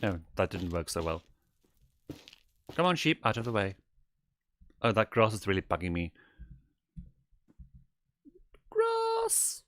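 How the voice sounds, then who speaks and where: A man doing a flamboyant owl demon prince who swoops through a wide, lively pitch range as he chatters over a game. His delivery is theatrical and sing-song, unhurried and playful. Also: dry recording, full character voice. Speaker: streamer. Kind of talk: in-character let's-play stream.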